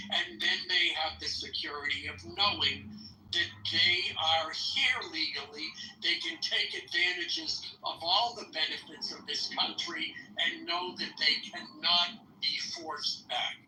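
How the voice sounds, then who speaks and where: A man's voice: sits high, bright, forceful tone, distant mic. A man hosting a political podcast in casual chat, rambling with crude asides. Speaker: podcast host. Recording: roomy echo, off-mic, faint background hum.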